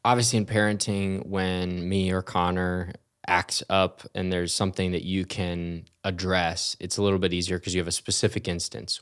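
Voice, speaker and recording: A man co-hosting a podcast with his pastor father, asking him questions in a measured way. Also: low voice.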